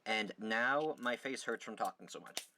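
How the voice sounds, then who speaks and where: A man's voice: on the low side, moderate pace, bright, forceful tone, a little hiss or hum. Chatty young man teaching beading. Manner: rambling, chatty, self-deprecating. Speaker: beading tutorial host. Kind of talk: casual livestream craft lesson.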